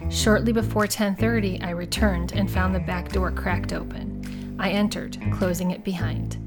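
A woman reading a first-person crime story aloud in measured, even scripted narration. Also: lowish voice, over loud music. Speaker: audiobook narrator.

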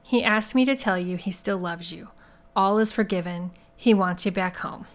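A woman's voice: medium pitch, normal speed, close to an everyday voice. Woman reading a cocky male private eye, dry, self-assured, audiobook. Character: cocky male private investigator, calm and bold.

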